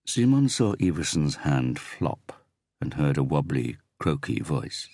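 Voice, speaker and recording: A man narrating a crime thriller audiobook in a steady, even storytelling manner. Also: rumbling low, unhurried, no echo, studio quality. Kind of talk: scripted narration.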